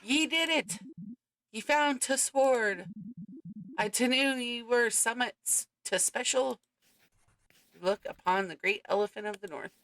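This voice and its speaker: An overexcited northern guide figure gushes in a broad, put-on regional dialect, as a woman voices it. The voice runs high and bright with a gravelly edge. It sits close and dry in a game playthrough. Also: slow pace, long pauses, no room sound, low-quality recording. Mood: gushing.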